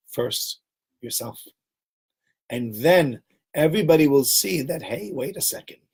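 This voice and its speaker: A man's voice: mid-range voice, slightly rough. A man giving an informal Torah talk to a group, acting out the dialogue in his stories. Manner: animated storyteller, acts out dialogue. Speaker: teacher.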